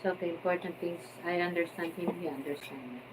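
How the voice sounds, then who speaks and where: Off-mic female co-host, soft and low, short answers, faint hiss. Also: fairly even intonation, quick pace.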